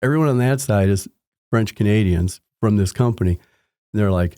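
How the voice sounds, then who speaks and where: A man in his sixties speaks in a low, mellow voice as a podcast guest, winding through long anecdotes full of restarts. His voice sounds dry and close, with no room sound behind it. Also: a little fast, clear, resonant tone, no room sound. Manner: rambling anecdotes with frequent restarts, acting out quoted people in raised voices. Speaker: podcast guest, home inspector. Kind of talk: casual storytelling interview.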